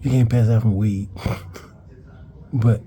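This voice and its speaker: A man casually telling a personal story, rambling and cursing, with restarts and higher-pitched acted-out quotes. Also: steady tone, drawn-out words, dark tone, slight background noise. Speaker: vlogger telling a childhood story.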